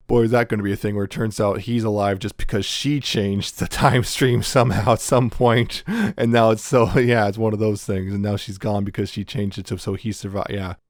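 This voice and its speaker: Podcast co-host, male, lowish voice, dry close mic, loose rambling recaps. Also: no room sound. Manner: rambling, recaps plots with quick acted quotes and laughs. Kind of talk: casual chat reviewing anime.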